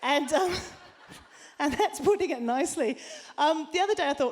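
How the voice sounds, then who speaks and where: An Australian woman in her forties doing a brash, crude, self-mocking stand-up comedy set on a theatre stage, shouting some punchlines. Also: high voice, animated, moderate pace, pauses often. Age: 40s.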